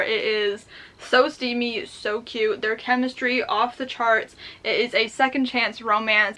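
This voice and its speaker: Bright, gushing young woman book vlogger. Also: fairly high pitch. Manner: gushing, effusive, laughs often. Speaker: book YouTuber. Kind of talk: casual book haul vlog.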